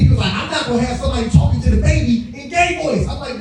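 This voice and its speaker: A man's voice: extremely high pitch, rapid-fire, hardly any pauses, distant mic, music in the background. A young man doing a stand-up set, telling family stories, acting out voices and chatting with the crowd. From Dominican family. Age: young adult. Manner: animated storytelling, acts out voices, chats with the crowd. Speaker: stand-up comedian. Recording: echoey hall, mic heard from afar. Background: audience laughter.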